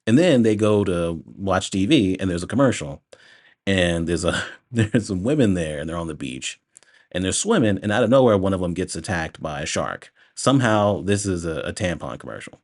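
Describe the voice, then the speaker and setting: Low-voiced man rambling through a review. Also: lively intonation, normal speed. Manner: rambling, laughing often, exasperated. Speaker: movie reviewer. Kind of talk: casual spoken movie review.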